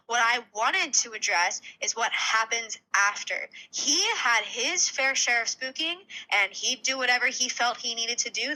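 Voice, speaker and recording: A woman with a very bright, sharp tone and a fairly high voice. She tells training stories with eager enthusiasm and laughs now and then in casual podcast talk. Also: low-quality recording. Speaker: guest horse trainer.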